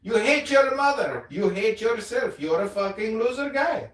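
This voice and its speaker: A man's voice: sits high, big pitch swings, normal speed, a bit bright. A man voicing a boastful, crude prank-call maharaja persona with a put-on Indian accent, trading taunting insults. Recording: roomy, distant sound.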